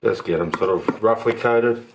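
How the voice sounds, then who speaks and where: A home cooking channel host with a very deep, low voice and some vocal fry gives a casual demonstration in his home kitchen. He talks through each step easily at a moderate pace, against a noisy background.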